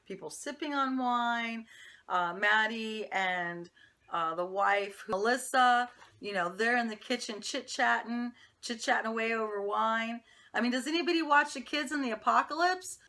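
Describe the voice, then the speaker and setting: A woman's voice: a little high, sharp tone. A woman reviewing a TV episode, chatty and opinionated, talking straight to her viewers. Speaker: TV show reviewer. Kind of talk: casual episode recap.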